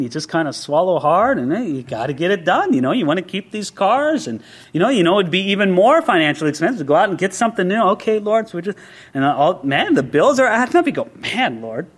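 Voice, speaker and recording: Animated preacher, high and lively. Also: male voice. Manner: animated preaching with playful acted asides. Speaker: pastor. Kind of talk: sermon.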